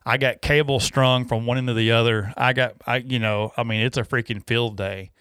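A man's voice: medium pitch, steady tone, moderate pace, fairly bright tone, smooth, no room sound, clean studio sound. A man hosting a podcast in casual, rambling chat, laughing and restarting his sentences. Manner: rambling, laughing, self-interrupting. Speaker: podcast host.

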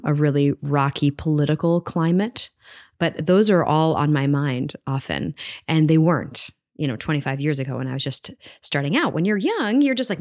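A woman's voice: low voice, darkish tone. A woman in her forties, a stage performer, talking earnestly and animatedly through her doubts in an interview. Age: 40s. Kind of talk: reflective interview conversation.

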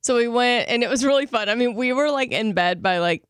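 A woman's voice: fairly high pitch, animated, fairly quick, smooth, no room sound, clean studio sound. Chatty young woman co-hosting a podcast. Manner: chatty and enthusiastic, many filler "like"s. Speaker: podcast co-host. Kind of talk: casual chat.

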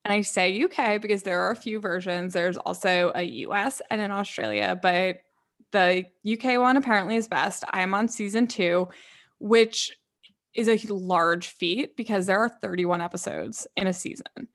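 A young woman co-hosts a podcast in a relaxed, bubbly chat. She fills her talk with likes and ums. Her voice sits at a middle pitch. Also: moderate pace. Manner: chatty, bubbly, many fillers. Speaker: podcast co-host. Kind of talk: casual chat.

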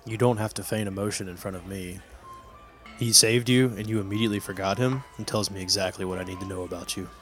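A man playing a tabletop game, speaking bluntly and deliberately in character. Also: fairly low pitch, fairly even intonation, a bit bright, faint music behind. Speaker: player.

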